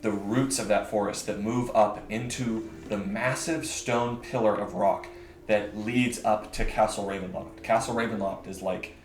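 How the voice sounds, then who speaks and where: Man, game master, low voice, narrating a tabletop game, self-correcting, echoey room, music behind. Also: steady tone, unhurried. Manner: descriptive, with frequent self-corrections.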